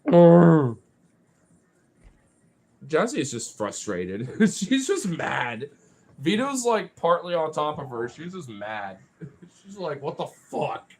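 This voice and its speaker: Rambling vlogger with a lively, swinging pitch. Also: takes it slowly. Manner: rambling, full of "you know" and "like"; teasing and swearing playfully at pets. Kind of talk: casual vlog chat.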